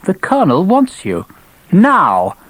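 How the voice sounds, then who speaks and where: A man's voice: sits high, wildly swooping pitch, takes it slowly, no echo, pitched above the performer's own voice, exaggerated voice, poor audio. A man voicing a pompous young male lieutenant who gives curt orders. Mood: officious. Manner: curt, commanding.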